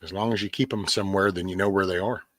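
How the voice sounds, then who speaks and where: A man's voice: deep voice, steady tone, fast talker, a bit bright, no room sound. A middle-aged man, rambling casually on a livestream and answering chat by name. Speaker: livestream host. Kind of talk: casual live-stream chat.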